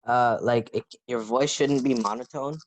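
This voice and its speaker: A man's voice: mid-range voice, steady tone, moderate pace. A man taking part in an online debate workshop, answering the teacher casually with "like" as a filler. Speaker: workshop participant. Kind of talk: answering in class. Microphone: video call.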